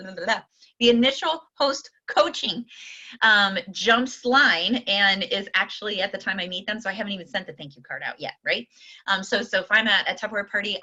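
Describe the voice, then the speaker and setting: A woman's voice: mid-range voice, bright, forceful tone. A woman from Akron, Ohio, coaching sales consultants in a chatty, casual way, full of fillers and acted-out dialogue.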